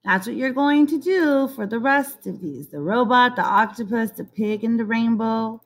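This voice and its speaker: A young woman teaching a children's lesson on syllables, modeling words slowly and clearly. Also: on the high side, animated. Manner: slow, clear, drawn-out word modeling.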